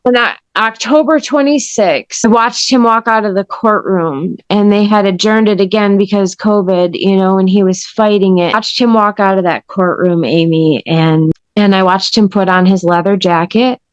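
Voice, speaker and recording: A woman's voice: medium pitch, normal speed, hardly any pauses, dry recording, highs cut off. A woman guest telling her story in an interview, earnest and emphatic in a conversational way. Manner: earnest, emphatic, intense retelling. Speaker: podcast guest.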